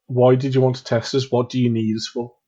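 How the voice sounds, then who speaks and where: Husky joking player, dull mic. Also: male voice, medium pitch, flat delivery, fairly quick, dark tone. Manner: joking, blunt. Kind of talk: casual chat at a game table.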